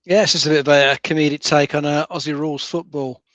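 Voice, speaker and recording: A man's voice: a little high, steady tone, fast, fairly bright tone, no echo, highs cut off. A man co-hosting a casual gaming chat, describing a game in an easygoing way with lots of fillers. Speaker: co-host.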